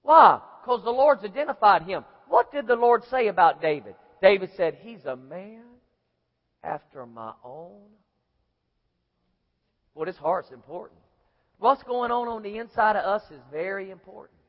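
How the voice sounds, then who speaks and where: A man preaching a sermon, dramatic and acting out voices, rising to shouts. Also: high voice, animated, moderate pace. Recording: muffled, hall reverb.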